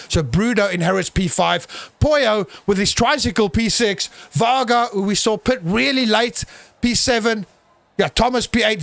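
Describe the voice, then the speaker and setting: A man's voice: extremely high pitch, fairly bright tone, no room sound. A man giving live, unscripted commentary on a sim race in a playful, teasing way, exclaiming at crashes.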